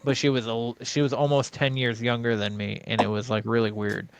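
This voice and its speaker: A man's voice: mid-range voice, level tone, brisk, clean tone, no echo. A man from New England hosting a podcast, telling stories in a laid-back way and swearing freely. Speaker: podcast host. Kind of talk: casual chat.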